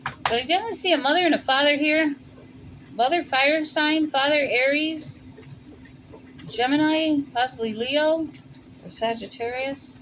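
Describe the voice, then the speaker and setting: A woman's voice: sits high, normal speed, long pauses, fairly bright tone, a little hiss or hum, low-quality recording. A woman with a New York accent giving a casual tarot reading, thinking aloud with plenty of fillers. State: warm and winded after shoveling. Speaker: tarot reader. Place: home in Colorado.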